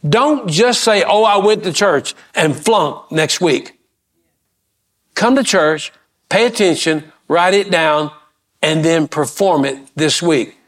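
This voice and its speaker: High-voiced man preaching a sermon. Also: takes it slowly, a bit bright. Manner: preaching with rising emphasis, questions to the congregation; folksy asides and repetitions. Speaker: pastor.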